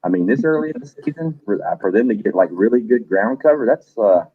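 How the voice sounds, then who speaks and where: A man's voice: fairly low pitch, expressive, brisk, slightly rough, no room sound, narrow, tinny audio. A middle-aged man hosting a livestream, chatting loosely, cursing now and then and greeting viewers by name. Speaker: livestream host. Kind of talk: casual livestream chat.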